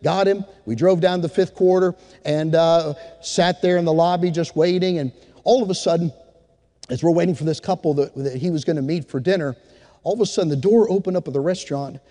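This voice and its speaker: A man's voice: on the high side, a little fast, warm tone, in a large hall. A man preaching a sermon, telling a story and then rising into fervent exhortation to his congregation. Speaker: pastor.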